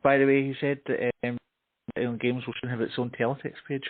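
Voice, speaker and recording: A man's voice: medium pitch, flat delivery, fast talker, no room sound. A man hosting a casual chat show, passing on listener questions in a friendly way. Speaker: host. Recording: dry, tinny phone-like line.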